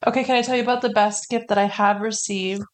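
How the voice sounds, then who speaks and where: A woman's voice: mid-range voice, fairly even intonation. Hesitant woman podcast guest. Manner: hesitant, reluctant, halting with fillers. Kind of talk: casual chat.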